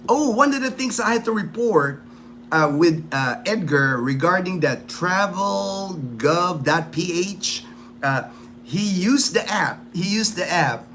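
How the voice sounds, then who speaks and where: A man's voice: high-pitched, animated, slow, fairly bright tone, slight background noise. Rambling man on a livestream. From United States. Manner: rambling, repeats phrases, many fillers. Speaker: livestream host. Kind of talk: casual livestream chat.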